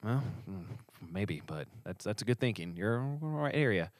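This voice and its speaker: A man's voice: on the low side, moderate pace, no room sound, studio quality. A man co-hosting a casual podcast as a church leader, telling stories animatedly and acting out the voices of the people in them. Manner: animated storyteller who acts out quoted voices.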